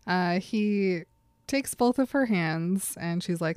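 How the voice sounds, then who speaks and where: A woman's voice: lowish voice, very animated, a little slow, darkish tone, dry recording. A woman on a podcast, casually retelling a book chapter with dry mock quotes. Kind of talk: casual chat, comic book recap.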